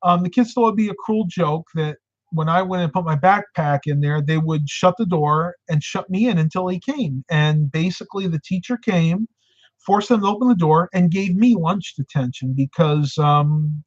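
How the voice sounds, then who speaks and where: Chatty middle-aged man, slightly high voice. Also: moderate pace, no echo, highs cut off. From upstate New York, United States. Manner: chatty, tells stories and answers viewer comments. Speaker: live-stream host. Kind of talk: casual live-stream chat.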